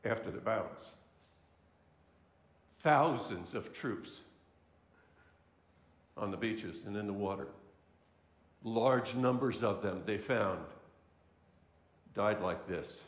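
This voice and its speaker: A man's voice: fairly low pitch, slow, long pauses. A male pastor giving an earnest sermon to a congregation, repeating key phrases for emphasis. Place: church sanctuary. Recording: echoey church room.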